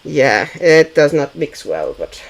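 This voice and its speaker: A woman talks slowly and unhurriedly on a casual livestream, musing aloud as she paints. She thinks out loud with frequent fillers and pauses, and chats easily with her viewers. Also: deep voice, big pitch swings, creaky, rough recording. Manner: chatty with viewers. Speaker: livestream host.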